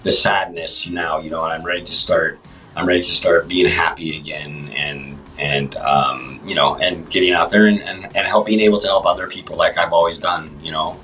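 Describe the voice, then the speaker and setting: A man talking as a guest on a livestream chat show, speaking haltingly with many restarts and fillers. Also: sits low, steady tone, sharp tone, distant mic, faint music behind, poor audio. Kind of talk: casual interview chat.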